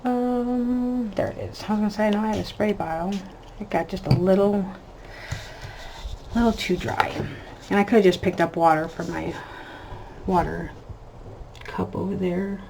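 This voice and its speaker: A woman's voice: mid-range voice, moderate pace, gravelly, pauses often, warm tone, a little hiss or hum, rough recording. A woman in her thirties with an American accent, chatting casually about her family as she colours, drifting between stories and talking through her work. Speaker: coloring channel host. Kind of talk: casual chat while coloring.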